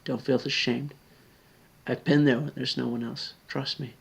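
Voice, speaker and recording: A man's voice: mid-range voice, little pitch movement, moderate pace, creaky, breathy edge. A drunk man, near tears and slurring, earnestly pleading with viewers and often dropping to a whisper. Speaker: video blogger. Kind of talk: emotional direct-to-camera appeal.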